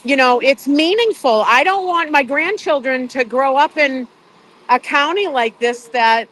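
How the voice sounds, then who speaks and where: A middle-aged woman hosting a livestream outdoors, animated and swearing constantly. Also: sits high, measured pace, low-quality recording. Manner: animated, heavy swearing, wound up on coffee. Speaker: livestream host. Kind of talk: casual livestream chat. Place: outdoors in cold wind.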